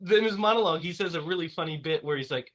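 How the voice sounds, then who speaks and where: A man hosts a relaxed movie-review podcast, his voice sitting a little high with a bright, forward edge. He talks in loose, rambling runs, stumbling over restarts and fillers. He laughs easily between points. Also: fast. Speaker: podcast host. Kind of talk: casual movie-review chat.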